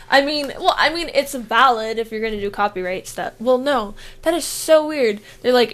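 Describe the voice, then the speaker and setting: A woman's voice: fairly high pitch, normal speed, fairly bright tone. A woman co-hosting a casual gaming podcast remotely, giggly and playful. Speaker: podcast co-host. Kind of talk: casual chat. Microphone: remote call, own mic.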